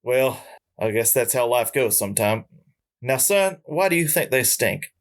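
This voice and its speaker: A man doing a comic impression of a gruff ghostly old country singer with an exaggerated Southern drawl. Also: mid-range voice, expressive, measured pace, lightly acted. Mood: folksy. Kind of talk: comic impression within a story.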